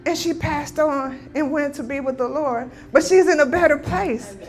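A woman's voice: sits high, moderate pace, faint music behind. A woman giving a sermon testimony, telling a healing story with emphatic declarations. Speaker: guest speaker.

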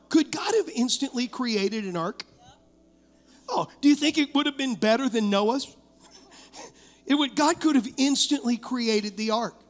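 Man, pastor, sermon, very high voice, lively storytelling, long hall echo. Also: measured pace. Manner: animated storytelling preacher, laughing through stories. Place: church sanctuary.

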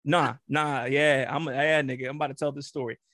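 A man's voice: medium pitch, level tone, a little fast, a bit bright, no room sound, studio quality. A man co-hosting a casual podcast, blunt and argumentative, swearing freely. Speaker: podcast co-host. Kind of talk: casual chat.

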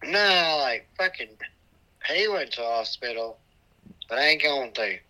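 A drunk man with hiccups, trading loud, profane comedic banter over a phone from a hospital room. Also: medium pitch, lively intonation, unhurried, low-quality recording. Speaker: comedy show regular.

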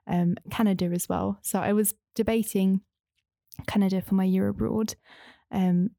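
Young woman, chatty, rambling, fillers, mellow voice, dry close recording. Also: mid-range voice, steady tone, moderate pace, vocal fry, no echo. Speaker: interview guest, former language student. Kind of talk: casual conversation.

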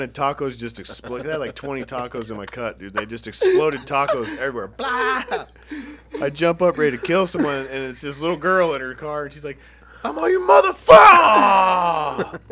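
Here a Phoenix-area man with a mid-range voice talks quickly over a noisy background. He's the storyteller among friends, spinning rowdy tales, cursing freely, and cracking up at his own stories.

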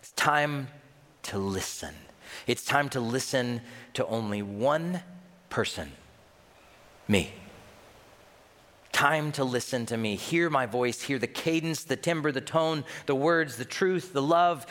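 A man voicing God as deep, compassionate, firm and tender, speaking slowly and intimately. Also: big-room sound. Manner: slow, soft and intimate.

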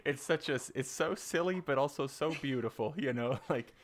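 A podcast host listens to a guest's story and reacts with sympathy. The host laughs often and asks follow-up questions in a relaxed way, with a voice in the middle range. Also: mid-range voice, normal speed, slight background noise. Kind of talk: casual interview.

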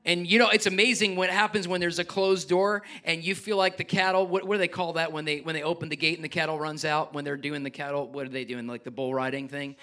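With a slightly high voice, this middle-aged pastor delivers an animated sermon at a quick pace with hardly any pauses. He builds up to near-shouts before falling back to soft, quiet remarks.

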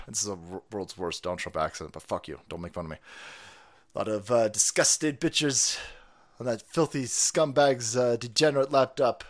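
A man hosting a livestream, reacting to clips with profane, excitable political commentary. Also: medium pitch, normal speed. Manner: profane, excitable, laughs and shouts over clips. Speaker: livestream host. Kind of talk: casual political commentary stream.

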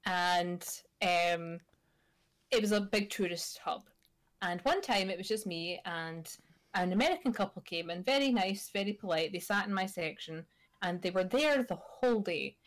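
A woman's voice: on the low side, moderate pace. A Scottish woman in her thirties, co-hosting a podcast and telling a sweary, wry story in casual chat. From Scotland. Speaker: podcast co-host.

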